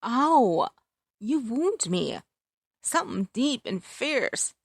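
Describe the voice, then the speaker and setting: A woman's voice: mid-range voice, unhurried, creaky, fairly bright tone, dry recording, studio quality. A woman voicing a cocky, teasing rich young Englishman in a romance story, playful and mock-dramatic. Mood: mock-wounded.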